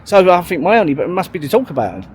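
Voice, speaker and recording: A man's voice: high-pitched, big pitch swings, rapid-fire, slight background noise. A man, telling a long story in a rambling, sweary way, full of fillers and restarts. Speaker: vlogger. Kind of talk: casual storytelling monologue.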